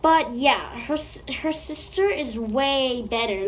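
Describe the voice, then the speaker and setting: Woman, high voice, slow delivery, playful slime vlogger who talks to her slime, phone-recorded. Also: a little hiss or hum. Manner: playful, chatting to the slime as if it were alive. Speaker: slime video creator. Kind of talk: casual slime-making vlog.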